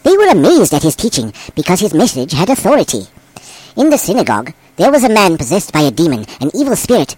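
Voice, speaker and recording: A man reads scripture with a lively, rising and falling voice, giving the story colour. He sounds close and dry, with no room echo. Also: high-pitched, fast, husky. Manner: expressive, voices the quoted speakers. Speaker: abbot reading scripture. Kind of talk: expressive scripture reading.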